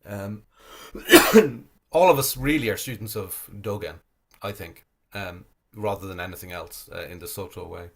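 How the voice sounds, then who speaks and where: A middle-aged Zen priest from Ireland speaking reflectively over a video call, with many fillers and restarts. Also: male voice, lowish voice, fairly bright tone.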